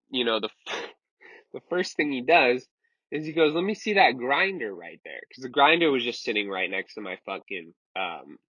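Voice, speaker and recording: A man's voice: on the low side, pushed and bright, breathy edge, dry recording. A man in his twenties casually telling a rambling, profane story. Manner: rambling and profane, with many fillers. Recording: dull lo-fi sound.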